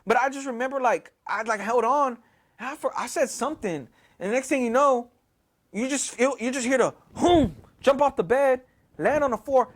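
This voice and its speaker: A young man with a high voice tells a story casually, full of slang and swearing. He retells it in an animated way and keeps repeating himself. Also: moderate pace.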